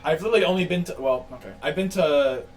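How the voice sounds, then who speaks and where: Podcast co-host in his twenties, quick and chatty with a slightly raised voice, rambling anecdotes. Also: on the high side, soft background music. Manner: rambling storyteller, laughs often. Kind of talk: casual podcast banter.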